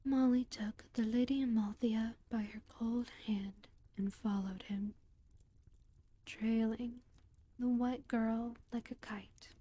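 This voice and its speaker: A woman storyteller reading a book aloud in a whispered role-play, with a slow and gentle whisper into a close microphone. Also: fairly high pitch, steady tone, no room sound.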